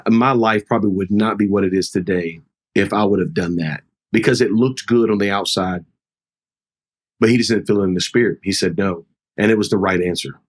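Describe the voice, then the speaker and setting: Earnest, low-voiced middle-aged pastor. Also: male voice, normal speed. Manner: earnest, heartfelt, re-enacts dialogue. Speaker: pastor, guest. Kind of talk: conversational storytelling.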